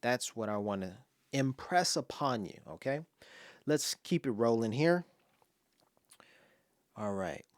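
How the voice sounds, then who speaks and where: A man from Los Angeles talks casually through the stories behind his poem, slipping into voiced asides and now and then dropping to a whisper. His voice sits at an everyday middle pitch. The sound is dry and close, with no room echo. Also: expressive, slow, long pauses. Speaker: poet commenting on his own poem. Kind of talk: casual spoken commentary and poetry reading.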